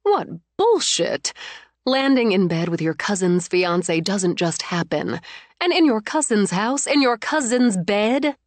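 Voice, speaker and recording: A woman's voice: mid-range voice, slow pace, no echo. A woman voicing a protective middle-aged mother who soothes and scolds by turns. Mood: indignant.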